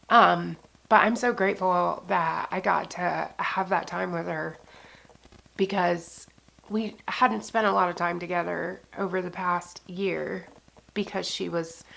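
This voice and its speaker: A woman's voice: on the low side, gravelly, a bit bright. A woman in her thirties, a vlogger, telling a painful personal story in a casual, emotional way, full of fillers and swearing. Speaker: beauty vlogger.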